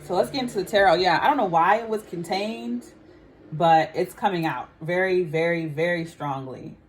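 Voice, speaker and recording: A woman talks her viewers through a tarot spread in a relaxed, musing way, often thinking aloud with "I feel like". Her voice sits somewhat low for a woman. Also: normal speed, slight background noise. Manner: chatty, musing, frequent "I feel like". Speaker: tarot reader. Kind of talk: casual psychic reading to camera.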